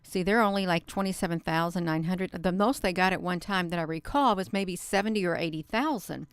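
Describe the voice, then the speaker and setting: Middle-aged woman host, casual live-stream chatter, smooth voice, close and dry. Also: lowish voice, a little fast, no room sound. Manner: chatty, laughs often, many ums and filler; says "you all" instead of "y'all". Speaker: channel host.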